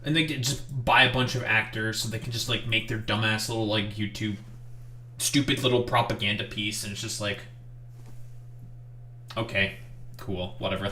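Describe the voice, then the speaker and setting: A man's voice: medium pitch, moderate pace, pushed and bright, roomy sound. A man streaming commentary, talking in a rambling, sarcastic way with lots of fillers. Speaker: streamer reacting to clips. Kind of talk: casual commentary.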